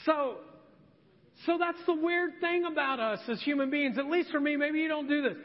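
A man with a strikingly high voice preaches in an easygoing, self-deprecating way, slipping into stories. His voice rings with long reverb through a church sanctuary and sounds slightly dull. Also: normal speed. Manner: conversational, self-deprecating storytelling. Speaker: pastor. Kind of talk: sermon.

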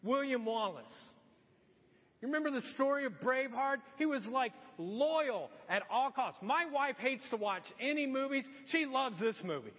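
A man delivers a sermon as pastor, his voice pitched very high with a husky edge. He tells the story with animated energy and acts out each quote. The sound is muffled and lo-fi, with a long reverb from the church hall. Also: moderate pace. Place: church sanctuary.

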